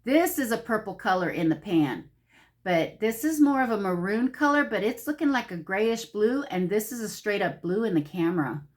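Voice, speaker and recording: Here a woman speaks at normal speed in an expressive, medium-pitched voice. She's a beauty vlogger from Los Angeles who gushes and talks to herself while applying makeup in a laid-back tutorial.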